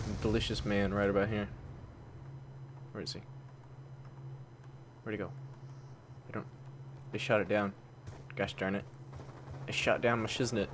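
A man commenting on his own gameplay, excitable, dropping from low mutters to sudden loud yelps and swapping curses for mild words. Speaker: gaming commentator. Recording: game gunfire and noise behind the voice.

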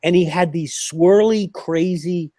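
An older puppeteer, guesting on a casual interview over a remote call line, tells anecdotes in an animated way, laughing as he goes. His voice is on the high side at normal speed, with no room sound.

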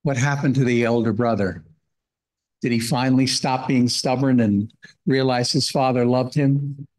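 A man's voice: medium pitch, fairly even intonation, moderate pace, darkish tone, rough recording. A man giving a Bible-hour sermon, earnestly reading scripture and explaining it verse by verse. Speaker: guest speaker at a Bible hour.

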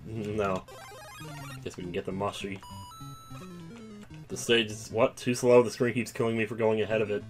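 A man giving casual, excitable commentary while playing a video game, breaking into loud outbursts. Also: on the low side, moderate pace, pauses often, faint music behind. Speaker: let's play gamer.

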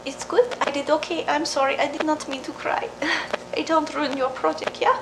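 An actress playing a middle-aged Czech immigrant mother with a Czech accent, speaking halting broken English with fillers in a mock documentary interview. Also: a little high, animated, reverberant. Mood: tearful. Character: Czech immigrant mother, tender, humble, emotional. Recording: scratchy old film recording.

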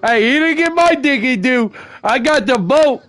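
A man's voice: extremely high pitch, animated, normal speed, a bit bright. A man joking with his friends during an online game and boasting about what he did in the match. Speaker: gamer. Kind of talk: casual chat while gaming.

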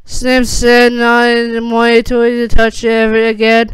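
A woman reading fan fiction aloud as narrator, slow and even with small hesitations. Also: fairly high pitch, clean tone, dry recording, poor audio.

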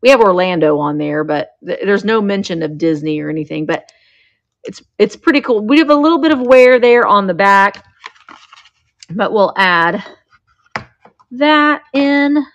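A woman's voice: mid-range voice, lively intonation, a little slow, pauses often, dull audio. A woman chatting as she runs a live sale of vintage items, describing each piece as she shows it. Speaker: live auction seller.

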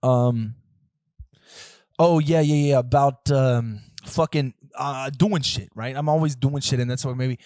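A young man rants on his solo podcast, talking into a close, dry mic at a middle pitch. He rambles from tangent to tangent, swears freely, and leans on fillers. His voice jumps up for loud outbursts, then drops to low mutters. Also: measured pace, dry recording. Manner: rambling, profane, restless, many fillers and tangents; lively, swings from loud outbursts to muttered asides. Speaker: podcast host. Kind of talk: casual solo podcast rant.

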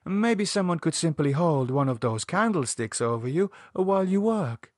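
A calm, practical woman nurse who speaks with gentle, polite persuasion, as a male reader puts her on. Her voice is pitched well above the reader's own, and it comes across close and dry in a storybook horror scene. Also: normal speed, no echo. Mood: persuasive.

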